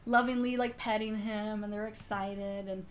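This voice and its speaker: A woman hosting a podcast, retelling a horror episode in an animated, chatty way. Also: mid-range voice, moderate pace. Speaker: podcast host. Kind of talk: casual film review chat.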